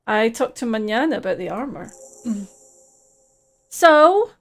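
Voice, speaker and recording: Woman, gravelly, casual live streamer, reads game text aloud, swears freely. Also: on the high side, very animated, measured pace. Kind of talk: live gameplay commentary.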